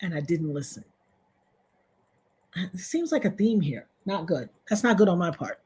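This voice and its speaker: A woman hosting a livestream, telling a personal story in a casual, animated way and jumping to loud, high exclamations. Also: moderate pace, slightly rough.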